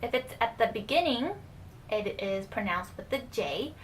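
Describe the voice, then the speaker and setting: A young woman teaching a casual video lesson, explaining slowly and repeating each example word. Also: medium pitch, animated, a little hiss or hum. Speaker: language teacher.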